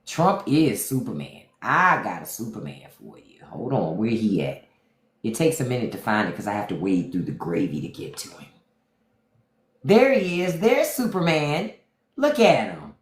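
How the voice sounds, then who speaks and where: A woman's voice: rumbling low, very animated, normal speed. A woman hosting a livestream, talking back to the chat with profane, mocking commentary. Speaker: podcast host on a livestream. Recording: roomy echo.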